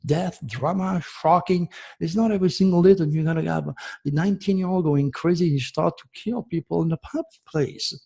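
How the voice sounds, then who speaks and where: A man's voice: fairly high pitch, brisk, gravelly, warm tone, husky. A man from France, hosting an astrology show in a passionate, ranting monologue that turns emotional. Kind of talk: impassioned video monologue.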